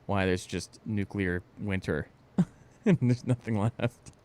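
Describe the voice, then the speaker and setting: A man's voice: on the low side, slow, a little mellow. A man co-hosting a casual podcast, ranting with heavy swearing and frequent laughter. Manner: ranting, profane, laughs often. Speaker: podcast co-host. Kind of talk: casual chat.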